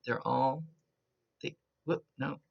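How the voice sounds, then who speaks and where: Gravelly psychic medium woman, lo-fi. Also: rumbling low, steady tone, slow. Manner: chatty, describing visions as they come with restarts. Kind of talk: recorded reading monologue to a client.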